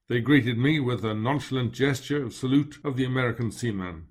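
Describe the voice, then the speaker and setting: Male narrator, mid-pitched voice, steady measured audiobook reading. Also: breathy edge.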